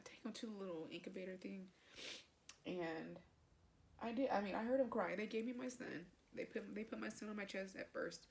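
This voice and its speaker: A young woman vlogger telling a personal story to camera in a chatty, emotional way, with lots of fillers. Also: medium pitch.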